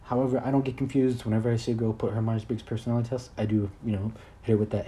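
A man's voice: medium pitch, animated, fast, warm tone, a little hiss or hum. A man in his early twenties hosting a solo podcast, rambling in a crude, self-deprecating way. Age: 20s. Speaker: podcast host.

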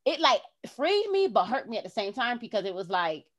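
A woman's voice: on the high side, sing-song, a little fast. A woman hosting a podcast, talking in a casual heart-to-heart way and acting out her own past words expressively. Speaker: podcast host.

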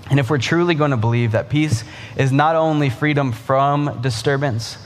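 Earnest male preacher in a reverberant hall. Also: medium pitch. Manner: earnest, slows down to stress key phrases. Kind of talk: sermon.

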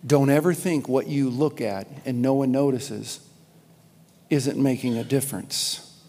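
A man's voice: mid-range voice, measured pace, mellow. Man preaching in a reverberant hall. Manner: emphatic, repeats key lines, addresses the congregation directly. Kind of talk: sermon. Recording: long reverb of a large hall.

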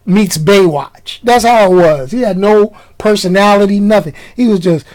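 A man talking to camera in a loose, rambling monologue, full of slang and asides. He jumps up in pitch to stress a point, then settles back into relaxed chat. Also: normal speed, poor audio. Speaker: vlogger. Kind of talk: casual storytelling monologue.

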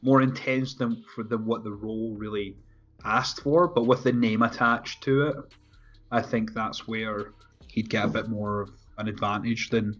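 A man's voice: on the low side, level tone, normal speed, fairly bright tone. A man in casual chat, laid-back and loose, swearing freely with lots of fillers. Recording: dull lo-fi with faint music.

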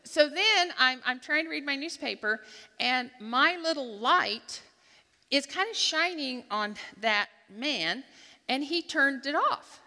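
A woman with a bright, forceful voice pitched a little high tells a personal story at a church gathering, acting out her own thoughts. It is recorded with a long reverb, as if in a large hall. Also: animated, takes it slowly. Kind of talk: storytelling devotional talk.

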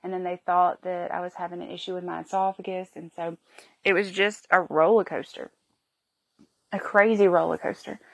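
Emotional woman with a gravelly, husky voice. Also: on the low side, level tone. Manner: emotional, halting, heartfelt. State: feeling sick and emotional. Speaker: podcast host. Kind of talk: personal storytelling.

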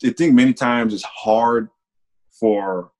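A young man giving a candid personal testimony in casual storytelling, halting, with restarts and small laughs, slowing on heartfelt lines. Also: mid-range voice. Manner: slows and softens on heartfelt lines. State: emotional, holding back tears. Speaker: testimony speaker.

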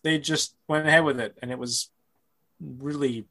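A man's voice: fairly high pitch, fairly even intonation, normal speed, creaky, sharp tone. A man in casual conversation, rambling and restarting, swearing freely as he talks about movies. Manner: rambling, repeats words, profane.

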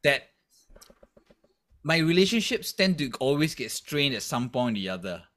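A man's voice: mid-range voice, big pitch swings, moderate pace, fairly bright tone. Earnest man musing on a podcast. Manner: earnest and reflective, full of fillers like "you know" and "right". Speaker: podcast co-host, comedian. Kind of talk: casual podcast chat.

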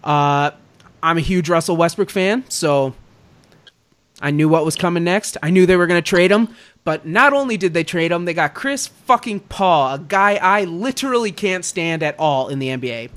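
A man's voice: a little high, expressive, normal speed, fairly bright tone. A young man co-hosting a casual sports podcast, ranting as an exasperated fan. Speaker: podcast co-host.

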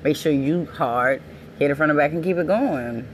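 A woman talking casually and bluntly, with lots of profanity, getting louder and more animated when she is heated. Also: low voice, moderate pace, noisy background. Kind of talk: casual monologue.

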